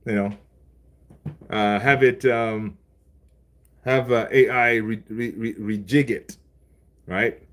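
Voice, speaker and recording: A man's voice: on the low side, fairly even intonation, takes it slowly, pauses often, fairly bright tone. A man hosting a casual live stream, reading chat and talking loosely, with lots of fillers and repeated phrases. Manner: loose and chatty, laughs along with viewers. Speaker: livestream host reading chat.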